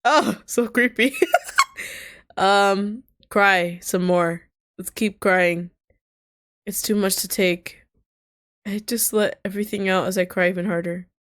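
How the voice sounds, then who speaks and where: A woman's voice: medium pitch, level tone, a little slow, fairly bright tone, dry recording, studio quality. A young woman playing through a story game, reading the lines aloud and breaking off into shocked, swearing reactions. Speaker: gamer reading a visual novel aloud. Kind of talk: let's-play narration with reactions.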